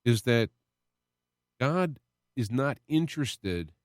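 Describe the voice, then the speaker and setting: A man's voice: medium pitch, expressive, slow pace, dry recording. Male solo radio host, heartfelt and rambling, with emotional swells; dry close sound. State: close to tears at moments. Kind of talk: personal faith talk monologue.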